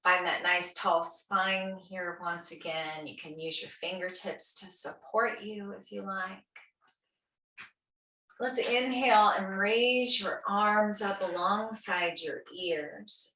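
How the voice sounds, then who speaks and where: A woman teaching a guided restorative yoga class, giving gentle, soothing cues and counting breaths slowly. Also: mid-range voice, far from the mic, a little hiss or hum. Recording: roomy echo, voice a bit off-mic.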